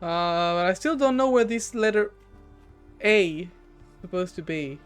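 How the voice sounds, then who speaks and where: A woman's voice: lowish voice, expressive, unhurried, clean tone, soft background music. A woman streamer with a French accent, chatting casually while gaming, teasing herself, stammering and giggling.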